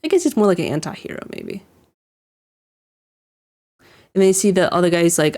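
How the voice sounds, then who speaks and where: Speaking at a fairly quick clip with frequent pauses, a woman with a fairly low, slightly mellow voice comments casually on an anime episode. Her talk wanders, full of "like" and fresh starts, and she laughs softly as she recounts scenes.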